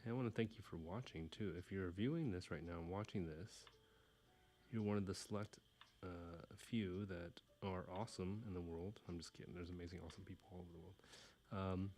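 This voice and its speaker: A man's voice: low voice, steady tone, fairly quick, a little mellow. A man from Houston with a slight Texas accent, rambling casually and self-deprecatingly while drawing on a live stream. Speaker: livestream artist.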